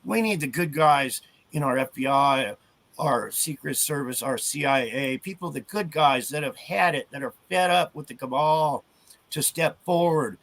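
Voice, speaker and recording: A man's voice: on the high side, gravelly, a bit bright. Earnest man stumbling over his words. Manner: earnest, halting with repeated restarts. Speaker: guest. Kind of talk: casual video chat.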